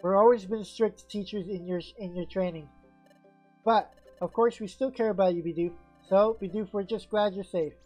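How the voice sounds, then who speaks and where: A woman's voice: medium pitch, moderate pace, a little mellow, soft background music, lightly acted. Woman reading as a strict guild bird. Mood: caring. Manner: stern but caring. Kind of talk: reading game dialogue aloud.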